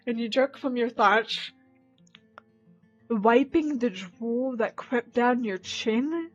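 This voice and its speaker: A young woman streamer reading a dating game aloud, cutting in with wry, joking asides. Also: fairly high pitch. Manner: wry, laughing asides between narration. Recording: slightly dull mic, soft game music.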